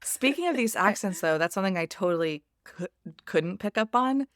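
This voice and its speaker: An American woman chatting as a podcast guest, emphatic and animated in how she tells things. Her voice sits at a middle pitch and sounds dry and close. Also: fairly quick, no room sound. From United States. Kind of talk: casual podcast chat.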